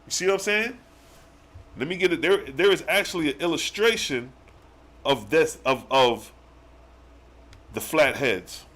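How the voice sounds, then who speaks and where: A man hosting a live religious stream, reading verses slowly and then breaking into excited slang commentary with rhetorical questions. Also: on the high side. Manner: challenges the listeners with rhetorical questions. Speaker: religious livestream host. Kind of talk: live scripture teaching.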